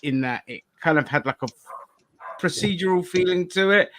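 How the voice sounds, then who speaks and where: A man's voice: sits high, moderate pace, a bit bright, slight background noise. A man hosting a casual review podcast, rambling loosely and swearing casually. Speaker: podcast host.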